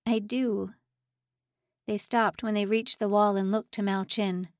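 A woman's voice: medium pitch, level tone, normal speed, dry recording, clean studio sound. A woman narrating a suspense novel audiobook in a dramatic, tension-building read. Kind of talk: scripted narration.

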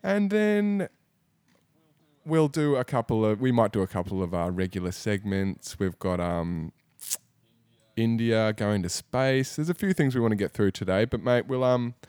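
A man's voice: lowish voice, moderate pace, a little mellow, clear, resonant tone, no echo. A man hosting a casual podcast chat, laid-back and rambling with fillers. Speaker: podcast host.

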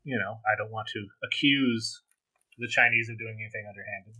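A man's voice: lowish voice, steady tone, fairly quick, pushed and bright, slightly rough, no room sound, low-quality recording. A man co-hosting a podcast in casual chat, hesitant and full of ums and trailing asides. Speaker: podcast co-host.

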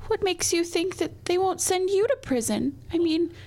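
A woman with a high voice plays her character at a tabletop game. She needles and mocks the others around the table. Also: expressive, moderate pace, warm tone. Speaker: player. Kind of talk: in-character tabletop role-play.

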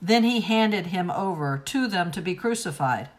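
A woman giving a solemn, deliberate liturgical reading of scripture at a service. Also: fairly low pitch, lively intonation. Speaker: scripture reader.

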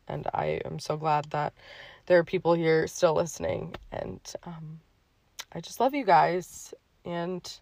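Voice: mid-range voice, no room sound. A podcast host speaking in a heartfelt, emotional personal monologue, with many fillers along the way.

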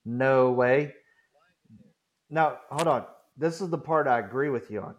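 A man co-hosting a relaxed talk show. He reacts to a friend's story in an easy, conversational tone, agreeing on some points and questioning others. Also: mid-range voice, a little slow. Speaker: co-host. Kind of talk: casual chat.

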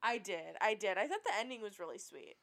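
A woman co-hosting a podcast, telling stories in a chatty, animated way full of "like". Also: mid-range voice, brisk. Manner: chatty and animated, many likes. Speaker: podcast co-host. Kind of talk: casual film discussion.

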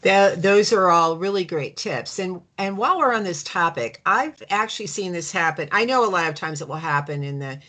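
A woman with a low voice sets out an anecdote and a question, pausing and restarting as she thinks it through. She sounds conversational and searching. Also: animated, fairly bright tone. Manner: thoughtful, hesitant, many fillers. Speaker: interviewer. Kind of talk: conversational interview.

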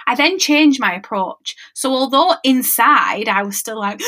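A woman talks through a solo podcast episode as a mindset coach. She sounds chatty and conversational and keeps checking in with her listeners. Her voice sits a little high, with a bright, forceful edge. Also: animated, a little slow, few pauses. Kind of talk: casual solo podcast talk.

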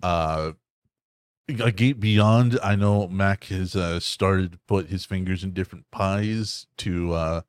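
A man's voice: sits low, slow pace, clear, resonant tone, dry recording. A man hosting a casual chat, rambling with many fillers as he leads the talk. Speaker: podcast host.

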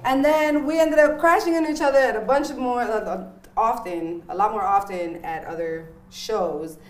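A woman hosts a casual interview with a lively, playful energy and frequent laughs. Her voice sits a bit high. The room around her is noticeably echoey. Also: moderate pace. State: married. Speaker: host.

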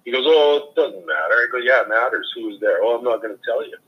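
A man's voice: medium pitch, animated, quick pace. A middle-aged father telling a personal account in a subdued, plain, matter-of-fact way. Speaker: bereaved father. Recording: dull lo-fi recording.

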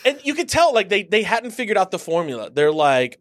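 High-pitched man, excitable, laughs a lot, casual podcast chat. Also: fairly quick. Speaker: podcast co-host.

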